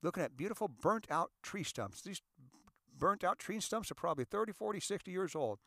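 A man's voice: sits high, fairly quick, vocal fry, dry recording, clean studio sound. A middle-aged man hosting a casual self-help talk show from his car, joking and acting out quoted voices. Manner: animated, jokey, acts out voices in quoted dialogue. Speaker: radio show host. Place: inside his parked car.

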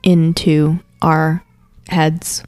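A woman's voice: deep voice, flat delivery, drawn-out words, a little mellow, smooth, no room sound. A young woman co-hosting a podcast in casual chat, upbeat and teasing, recorded in an apartment room. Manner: teasing, upbeat, reads listener comments aloud. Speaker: podcast co-host.

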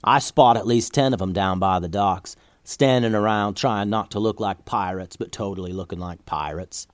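A man playing a relaxed young surfer dude in a storybook. He drawls his lines casually, sounding unbothered by danger. The sound is dry and close. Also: lowish voice, normal speed, dry recording, close to an everyday voice. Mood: laid-back. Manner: slangy, easygoing drawl.

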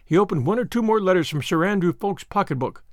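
Higher-voiced man reading a classic novel. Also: lively intonation, quick pace, dry recording, clean studio sound. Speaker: narrator and host of a story podcast.

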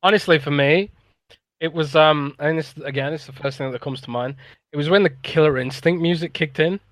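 A man's voice: a little high, fairly quick, fairly bright tone, no room sound. A man co-hosting a casual gaming podcast, a games blogger who talks in an easygoing, candid way and laughs often.

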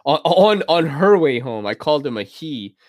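A man's voice: on the high side, big pitch swings, normal speed, no room sound, studio quality. A man hosting a podcast while drunk, rambling casually between laughs and curses. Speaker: podcast host.

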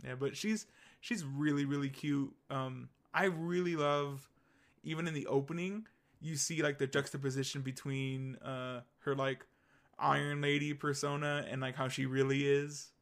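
This young man co-hosts a podcast with a mid-range, fairly bright voice, fairly even intonation, and a moderate pace. He has the hiccups while he chats casually, rambling enthusiastically with plenty of fillers and restarts.

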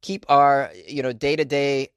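A man's voice: medium pitch, level tone, measured pace, clear, resonant tone, no room sound, muffled recording. A man hosting a casual show, reading news stories aloud and chatting about them with joking asides and many fillers. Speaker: host reading and commenting on news.

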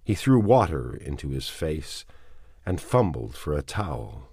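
A man reading a novel aloud as audiobook narration, in a measured and somber way. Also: very deep voice, very animated, gravelly, darkish tone, slightly rough, dry recording, studio quality. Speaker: audiobook reader.

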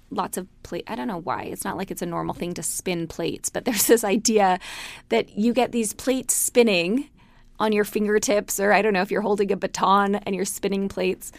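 Woman instructor, casual lecture, gravelly fry, dry close sound, storytelling, laughs often. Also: medium pitch, no room sound. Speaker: class instructor.

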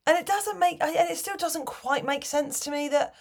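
Woman, podcast co-host, casual chat, wry, a bit high-pitched. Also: moderate pace. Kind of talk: casual chat about football.

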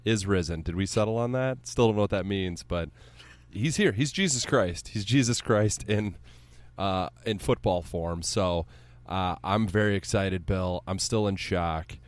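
A man co-hosting a casual sports podcast, telling stories in an excitable, joking and sometimes profane way. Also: low voice, measured pace, dry recording. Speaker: podcast co-host.

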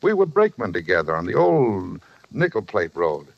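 A man's voice: low-pitched, wildly swooping pitch, normal speed, creaky, exaggerated voice. An actor playing a boastful, self-justifying former railroad brakeman who is a psychiatrist's patient, in a 1940s radio drama. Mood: reminiscing. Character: shifty middle-aged man, a former railroad brakeman. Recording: dull old radio recording.

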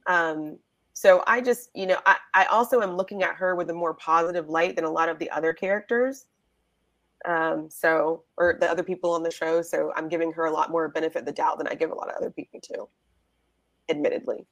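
A woman from the United States, a guest co-host in a casual reality TV recap, talking playfully with quick asides. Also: low voice, steady tone, fairly bright tone, no room sound.

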